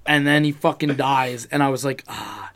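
A man in casual chat about a TV series, animated and swearing heavily as he acts out his own reactions. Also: medium pitch, normal speed, crowd noise.

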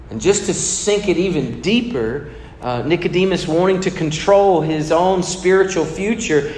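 A pastor delivers a sermon in an echoey hall with long reverb and faint room noise, preaching conversationally and putting questions to the congregation. His voice is on the high side, darkish in tone, at normal speed.

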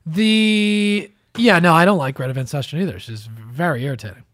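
A man's voice: a little high, moderate pace, fairly bright tone, no room sound, clean studio sound. Joking, sarcastic young man podcast host. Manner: joking and sarcastic, laughs often. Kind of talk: casual chat.

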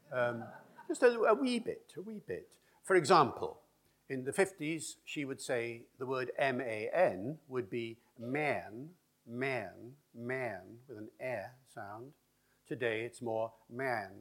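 Guy explaining language stuff at a talk, bit husky, dry humor, acts out how words sound. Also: medium pitch. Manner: explanatory, wry, demonstrates pronunciations. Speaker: language expert speaker. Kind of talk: public lecture and Q&A.

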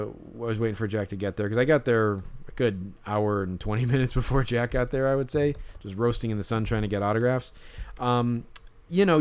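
A man's voice: mid-range voice, clear, resonant tone. Rambling man in casual chat. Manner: rambling, many fillers and restarts.

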